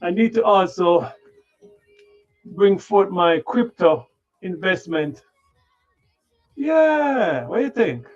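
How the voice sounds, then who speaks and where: A man hosting a trading livestream, muttering to himself as he sets up his screen, tired and yawning, with sudden loud playful bursts. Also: high voice, slow pace, long pauses. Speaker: livestream stock trading host. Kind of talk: rambling livestream chatter. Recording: dull lo-fi sound with faint music.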